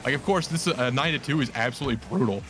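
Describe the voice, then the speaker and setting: Mid-pitched male caster, voice worn from yelling, hyped and quick. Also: slight background noise. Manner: hyped, fast, repeats words when excited. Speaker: esports co-caster. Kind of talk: live esports play-by-play commentary.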